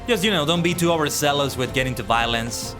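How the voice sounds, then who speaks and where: A man's voice: on the high side, fast. A young man chatting casually with his viewers while playing and commenting on an online game. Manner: chatty, talks to chat. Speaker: streamer. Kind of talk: livestream gameplay commentary. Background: game music.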